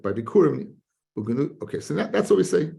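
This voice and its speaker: Creaky-voiced rabbi teaching Talmud. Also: male voice, medium pitch, quick pace. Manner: animated, chanting study singsong with frequent restarts. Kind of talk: Talmud class.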